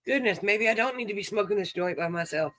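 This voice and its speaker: A man with a drawl hosts a casual livestream card game. His voice sits high and bright, and he talks in a folksy, chatty way as he calls out viewers by name. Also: fast. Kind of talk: casual livestream chat, reading viewers' names.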